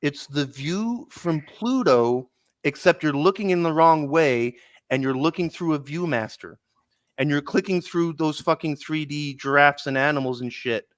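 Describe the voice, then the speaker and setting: A podcast co-host, a man, ranting in casual chat, animated and profane. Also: a little high, normal speed, no room sound, clean studio sound.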